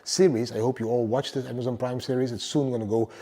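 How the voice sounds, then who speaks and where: Upbeat man with a mellow voice. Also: mid-range voice, steady tone, fast talker, in a large hall. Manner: enthusiastic, repeats "guys" and "for example". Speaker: crypto YouTuber. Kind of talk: casual monologue with trading and travel tips.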